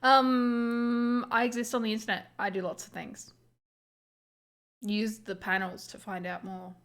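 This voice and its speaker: A woman's voice: on the high side, level tone, a little slow, fairly bright tone. A giggly, self-deprecating woman player chatting casually at a tabletop game.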